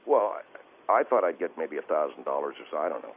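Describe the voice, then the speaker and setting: A man's voice: rumbling low, big pitch swings, quick pace, slightly rough. A male caller on a radio show, defensive and rambling, stammering as he talks. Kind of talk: call-in radio conversation. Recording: phone-line call audio.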